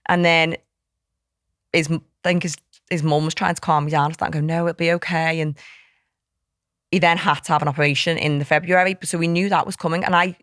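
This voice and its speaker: As a podcast guest in an interview, a woman candidly recounts a hard personal story, her heartfelt telling tumbling out full of quoted dialogue. Her voice is low-pitched and a bit bright, with fairly even intonation and a brisk pace. The recording is studio quality with no echo.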